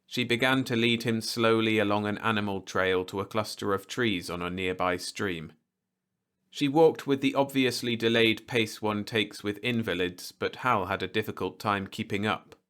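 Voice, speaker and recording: A man reading a science fiction bedtime story aloud in an expressive, animated way. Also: lowish voice, moderate pace, clean tone. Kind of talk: scripted narration of a bedtime story.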